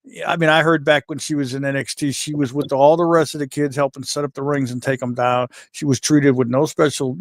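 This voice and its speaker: A man's voice: a little high, no echo, studio quality. A man co-hosting a wrestling podcast, blunt and opinionated, swearing and joking. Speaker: podcast co-host. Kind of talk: casual wrestling talk.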